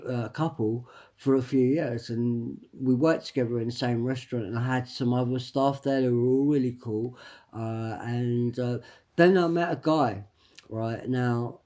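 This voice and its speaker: A man at a mid-range pitch delivers a rambling personal monologue. He stops and restarts often and repeats words. He presses his points and keeps tagging them with a quick "right?". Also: a little mellow. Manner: emphatic, tags lines with "right?". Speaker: vlogger.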